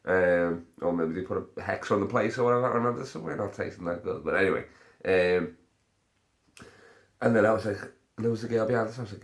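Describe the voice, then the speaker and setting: Young comedian host, low-pitched, rambling and profane, casual storytelling. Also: male voice, quick pace. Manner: rambling, swears a lot, frequent fillers.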